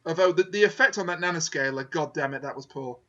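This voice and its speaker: Quick co-host voice, eager recaps, lo-fi muffled recording. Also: mid-range voice, pushed and bright. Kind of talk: casual review chat. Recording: dull, muffled mic.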